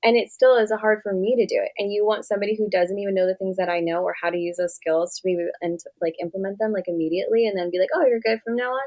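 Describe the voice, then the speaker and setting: A woman's voice: medium pitch, steady tone, quick pace, few pauses, a little mellow. A young woman therapist speaking casually in an interview, animatedly acting out conversations with her clients. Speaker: therapist guest.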